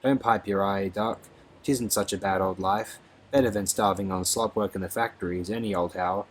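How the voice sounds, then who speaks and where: A man's voice: deep voice, steady tone, moderate pace, a little hiss or hum, natural voice. A man doing a breezy South London girl. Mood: cheerful. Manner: breezy and chatty. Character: cheerful young Cockney girl in finery.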